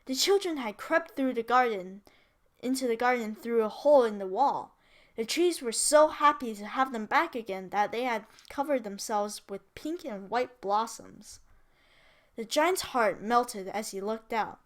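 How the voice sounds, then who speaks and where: A woman's voice: on the high side, animated, unhurried. A woman who teaches English, reading a story aloud in a chatty way, with casual asides and self-corrections.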